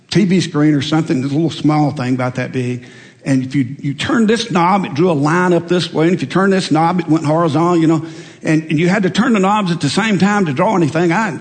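A middle-aged male preacher giving a folksy, animated sermon full of stories. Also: fairly high pitch, long reverb tail.

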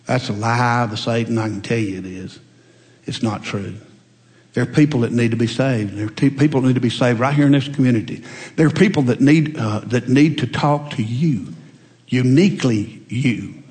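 A man's voice: medium pitch, normal speed, darkish tone. A man pastor preaching a sermon, folksy and conversational, telling homespun stories and rising to emphatic peaks. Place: church sanctuary. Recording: long hall reverb.

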